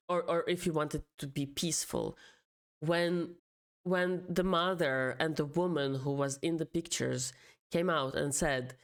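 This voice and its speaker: An indignant woman streamer talks back at the video she is reacting to, pressing the same angry questions over and over. Her voice sits a little low for a woman, and her carries the slips of someone who did not grow up speaking it. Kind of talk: casual reaction commentary.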